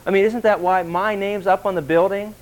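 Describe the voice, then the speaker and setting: A man preaching a sermon in a conversational, animated way, asking the congregation questions and acting out quotes in shifting voices. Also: sits high, brisk, rough recording. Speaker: pastor.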